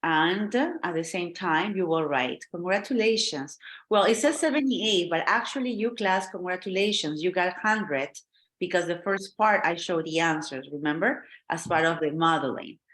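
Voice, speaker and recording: A woman's voice: on the low side, normal speed, fairly bright tone. A woman teaching an online English class, encouraging her students and checking in with them often.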